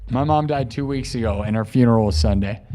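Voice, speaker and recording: A man's voice: mid-range voice, fast talker, mellow. Guy streamer chatting live, rambling and hyped, talks straight to chat.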